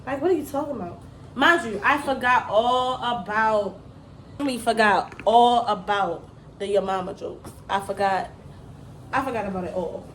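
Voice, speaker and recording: Animated storytelling woman in an echoey room. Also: a little high, moderate pace, slight background noise. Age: middle-aged. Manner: animated, laughs often, slangy storyteller. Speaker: mother telling a story on a daughter's channel. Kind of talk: casual storytelling chat.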